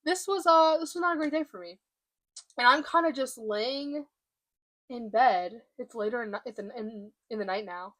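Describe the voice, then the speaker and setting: Young woman vlogging at home, kinda high voice, halting and candid, trying not to cry. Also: fairly bright tone. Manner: candid, halting, fighting back emotion. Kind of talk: confessional vlog. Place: room by a window, at home.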